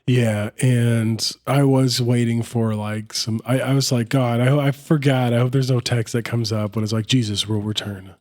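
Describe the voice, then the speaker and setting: A man's voice: medium pitch, steady tone, normal speed, hardly any pauses, darkish tone. Easygoing rambling podcast co-host man. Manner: laid-back, rambling, uses lots of fillers. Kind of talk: casual film podcast chat.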